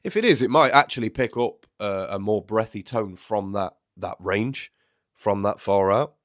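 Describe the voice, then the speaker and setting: Guy with a stuffy nose from the flu, chatty rambling reaction talk, lowish voice, dry close sound. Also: animated, moderate pace, no echo. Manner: chatty, rambling, self-correcting. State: congested, getting over flu. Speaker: music reaction host. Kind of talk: casual reaction commentary.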